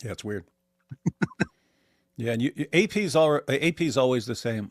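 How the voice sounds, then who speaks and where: A man's voice: mid-range voice, lively intonation, measured pace, long pauses, no room sound, clean studio sound. A man co-hosting a casual reaction show, joking in an offhand way. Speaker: co-host.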